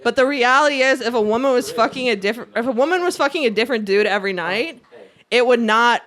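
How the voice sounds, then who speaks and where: A woman's voice: a little high, fast, a bit bright. A woman co-hosting a podcast, talking in blunt, profane casual chat and laughing often as she makes her point. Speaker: podcast co-host.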